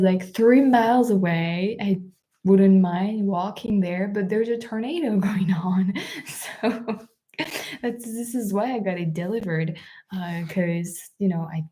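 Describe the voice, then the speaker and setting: A young woman with a French accent, hosting a casual live stream, chatting with many fillers and quick laughs. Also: on the low side, warm tone. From France. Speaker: live stream host reading chat.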